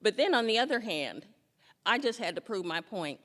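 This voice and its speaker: A woman telling a humorous personal story to an audience, lively and quick to act out the people in it. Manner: animated, jumps into high squeals for quoted lines. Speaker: storyteller on stage. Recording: long hall reverb.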